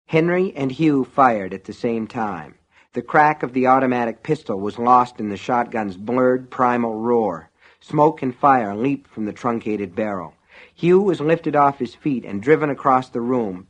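A man reading a novel aloud as an audiobook narrator, in measured, even storytelling. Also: mid-range voice. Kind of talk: scripted narration.

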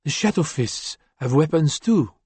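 A man's voice: fairly high pitch, lively intonation, a little slow, a little mellow, breathy edge, no room sound, pitched above the performer's own voice, heavily acted. A man voicing a stern, imperious woman crime boss in her early thirties, with a faint French accent and a cold, commanding manner. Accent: faint French (figure).

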